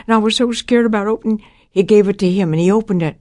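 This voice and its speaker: A woman's voice: mid-range voice, fast talker, mellow, no room sound, clean studio sound. An older woman giving a Christian testimony about her life, telling it dramatically and acting out the voices of the people in her story.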